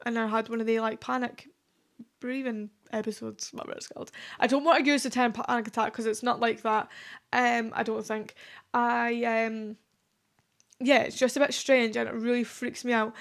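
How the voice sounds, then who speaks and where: Woman, 20s, podcast host, casual confessional chat, rambling, slightly high pitch, gravelly fry. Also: flat delivery, normal speed. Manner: chatty, confessional, rambling with many fillers.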